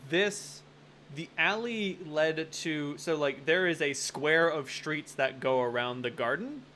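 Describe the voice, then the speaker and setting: A man's voice: a little high, slow pace, bright, forceful tone, a little hiss or hum. A man running a tabletop game as game master, talking casually with lots of filler and frequent swearing.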